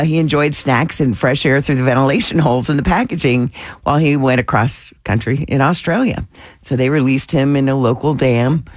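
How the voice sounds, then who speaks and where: A woman's voice: extremely low pitch, no echo. A woman radio DJ chatting casually on air, teasing and laughing easily. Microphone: studio microphone.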